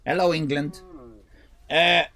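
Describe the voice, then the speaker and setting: An Irish man hosting a live stream, chatting casually with viewers, swearing and joking in animated rants. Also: fairly high pitch, takes it slowly, gravelly. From Ireland. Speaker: livestream host.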